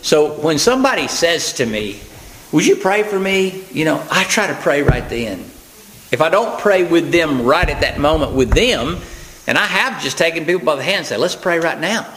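A man preaching a sermon in a conversational way, with folksy asides and acted-out quotes, plain and unhurried, with frequent fillers and restarts. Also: a little high, sing-song, fairly bright tone, rough recording.

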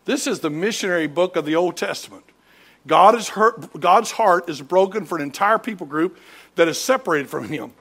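A man preaching a sermon in a church, animated, acting out voices and shouting at peaks. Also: high-pitched, moderate pace, slightly rough. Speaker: pastor. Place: church sanctuary.

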